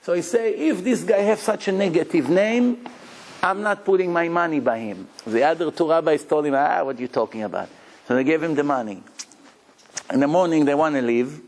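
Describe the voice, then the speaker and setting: A man, a rabbi telling stories in a Torah lecture, acting out characters with shouts and laughter in slightly broken English. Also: on the high side, normal speed. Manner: animated storyteller, acts out characters with shouts and laughs. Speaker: rabbi teaching Talmud.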